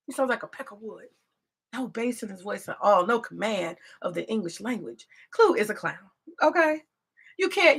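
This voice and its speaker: A woman's voice: medium pitch, gravelly, sharp tone. A woman hosting a rambling, profane commentary, emphatic and repetitive, full of rhetorical questions. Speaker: commentary host.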